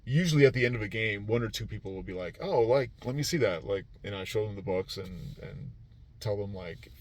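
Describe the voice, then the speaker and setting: A man with a fairly low voice talks fairly quickly through a casual vlog recap of his weekend running tabletop games at a convention. He rambles, laughs easily, and keeps restarting between fillers.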